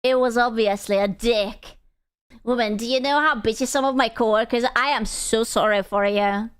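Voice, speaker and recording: A woman's voice: fairly high pitch, normal speed, clear, resonant tone. A young woman streamer in casual chat, blunt and profane as she rants to her viewers.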